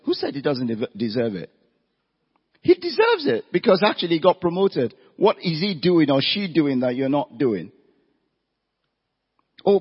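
Slightly rough and mid-range, the voice is that of a man delivering an evening career talk with slides. Rhetorical questions aimed at his audience and emphatic stresses mark his delivery, heard through dull lo-fi audio in an echoey hall.

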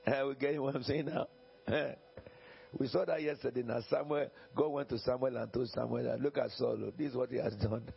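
In a dull lo-fi recording, a pastor gives a sermon with Bible reading, emphatic and repetitive, frequently chuckling and checking in with his congregation. His gravelly voice is medium-pitched, fairly quick and fairly even in intonation.

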